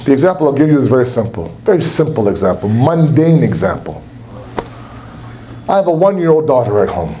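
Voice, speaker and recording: A man's voice: medium pitch, sing-song, fairly quick, mellow, slight background noise. Impassioned young man preaching a sermon. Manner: impassioned, acts out quotes in a raised voice. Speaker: speaker at a religious gathering. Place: lecture hall at a religious center.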